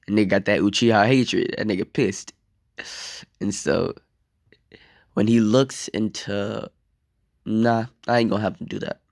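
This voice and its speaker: Young man, fan story narration, slow drawl, gravelly, casual and profane. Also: lowish voice, darkish tone, dry recording, clean studio sound. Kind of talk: improvised fan-fiction narration.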